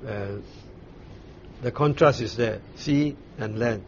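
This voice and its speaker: Heard through dull, lo-fi audio with a faint hiss, a man teaching the Bible guides his group through scripture. His medium-pitched voice sits in a plain middle register, and he explains slowly and searchingly, pausing often and filling gaps with fillers and restarts.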